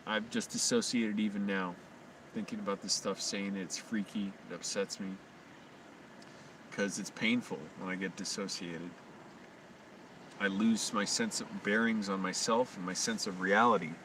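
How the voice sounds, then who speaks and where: A man rambling through a late-night livestream monologue, talking quietly and anxiously to himself with frequent restarts. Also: lowish voice, fairly even intonation, normal speed. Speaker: live streamer. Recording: distant mic with constant hum.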